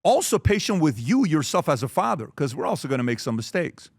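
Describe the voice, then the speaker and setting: A man's voice: a little high, sing-song, fairly quick, creaky, dry recording, studio quality. A man in his forties giving an earnest motivational talk on fatherhood and asking the audience questions. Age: 40s. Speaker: speaker.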